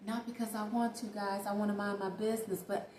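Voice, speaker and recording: A woman's voice: medium pitch, level tone, a little fast, darkish tone, a little hiss or hum. A woman vlogger telling a story in a chatty, emphatic way, talking straight to her viewers. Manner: chatty, emphatic, addresses viewers as baby and y'all. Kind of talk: casual storytime monologue. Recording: echoey room with faint ambience.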